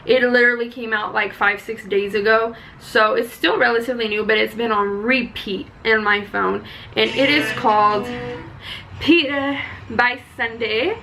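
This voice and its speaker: Excitable young woman, chatty vlogger; bright, forceful tone with a faint hiss behind her. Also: moderate pace, rough recording. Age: young adult. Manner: chatty and excitable, high energy. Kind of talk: casual chat.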